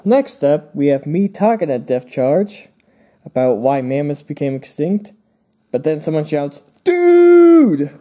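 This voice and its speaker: Young male host, unhurried, warm, rambling show-and-tell with asides. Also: on the high side. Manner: rambling, with fillers and playful asides. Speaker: channel host. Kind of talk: casual show-and-tell of old drawings.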